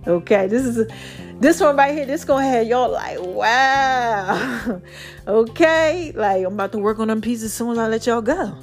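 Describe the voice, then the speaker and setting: A woman with a New York accent hosting a podcast in a casual, animated motivational monologue, drawling and breaking into bits of song. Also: on the high side, brisk, faint music behind. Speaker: podcast host.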